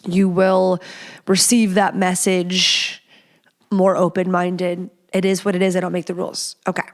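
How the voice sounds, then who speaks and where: A woman's voice: fairly low pitch, monotone, unhurried. A young woman hosting a podcast, giving casual advice in a chatty, playful way with many fillers. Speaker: podcast host.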